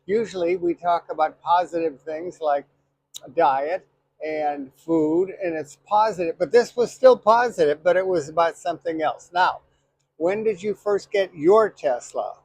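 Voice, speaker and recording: Guy hosting a chatty interview, kinda husky, trips over his words, dry sound. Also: a little high, no echo, low-quality recording. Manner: halting, repeats and restarts words. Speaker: host. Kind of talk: casual interview.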